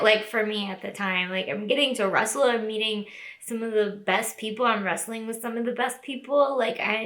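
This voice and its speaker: A woman's voice: mid-range voice, fairly bright tone. A young woman crying as she talks through a personal vlog, with lots of "like" fillers. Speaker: vlogger. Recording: echoey room.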